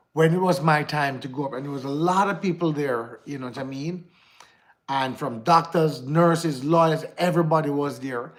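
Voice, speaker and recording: A man with a Jamaican accent chatting casually to viewers on his livestream, rambling and slipping into patois. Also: on the high side. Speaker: livestream host. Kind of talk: casual live chat to viewers.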